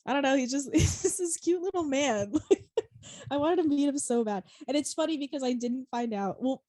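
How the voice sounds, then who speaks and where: Young female podcast co-host, fairly high voice, loose and giggly, swears casually, dry close mic. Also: brisk, warm tone, no room sound. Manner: rambling, laughs often, swears freely. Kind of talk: casual chat.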